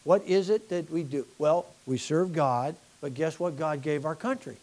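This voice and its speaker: High-voiced impassioned preacher man. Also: normal speed. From United States. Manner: impassioned, rising to near-shouting, talking directly to a congregation. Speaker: pastor. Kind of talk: sermon.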